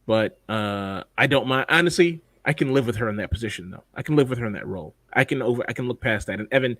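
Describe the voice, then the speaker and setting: A man co-hosting a podcast talks in loose, rambling casual chat, blunt and heavy on profanity. His voice sits in a middling pitch. The sound is dry and close, with no room around it. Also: fast talker, fairly bright tone, no echo. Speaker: podcast co-host.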